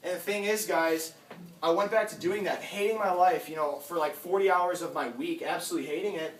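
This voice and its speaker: Young man, recruiter pitch, energetic, slightly high voice, room echo, off-mic. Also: a little fast. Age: young adult. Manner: energetic, addresses crowd directly, acts out quoted dialogue. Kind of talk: sales pitch to a small audience. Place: house basement room. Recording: echoey room from far off, faint noise.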